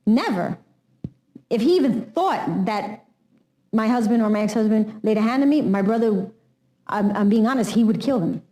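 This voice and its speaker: A woman's voice: mid-range voice, animated, normal speed, mellow, low-quality recording. A woman recounting a family memory in a candid documentary interview, telling it with emotion and animation.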